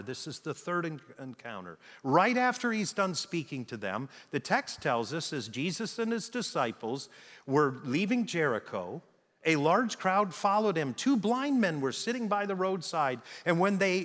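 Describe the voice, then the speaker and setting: A pastor with a voice on the high side preaches in a large hall. He's animated and fills the sermon with rhetorical questions.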